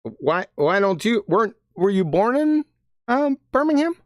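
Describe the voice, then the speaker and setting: A curious man on a podcast keeps asking questions and laughs often. His pitch swings a lot, and the sound is dry and close. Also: sing-song, unhurried, no echo. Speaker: podcast co-host. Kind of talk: casual chat.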